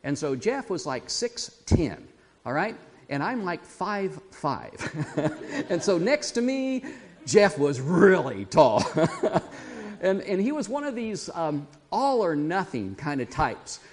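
A man preaching a sermon, telling a story with animated restarts and laughing along with his listeners. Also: high-pitched, takes it slowly. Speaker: pastor.

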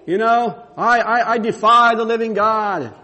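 A man voicing a loud, taunting giant warrior who blusters threats in a sermon retelling. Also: sits high, unhurried, voice pushed up.

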